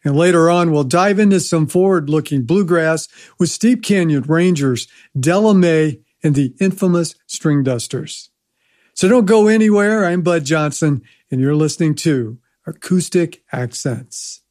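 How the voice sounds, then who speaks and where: A man hosting a folk music radio show, announcing songs and upcoming artists in a measured announcer delivery. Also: fairly high pitch, darkish tone.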